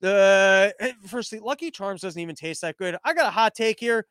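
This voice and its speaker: A man with a notably high speaking voice rants as a podcast host, sarcastic and foul-mouthed as he mocks his targets. The sound is dry and close, with no room echo. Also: normal speed, fairly bright tone, clear, resonant tone. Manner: sarcastic, profane, mocking. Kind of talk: political commentary rant.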